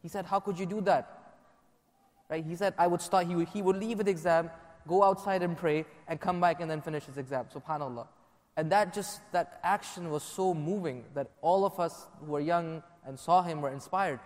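A man on a panel telling a personal story in a conversational, animated way. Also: fairly high pitch, brisk. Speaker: panel guest. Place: conference hall. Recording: long reverb of a conference hall.

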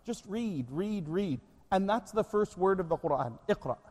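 A man's voice: sits high, lively intonation, normal speed, a little mellow. A man speaking as a guest sheikh, preaching with emphatic, earnest urging. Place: conference hall. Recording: long reverb of a conference hall.

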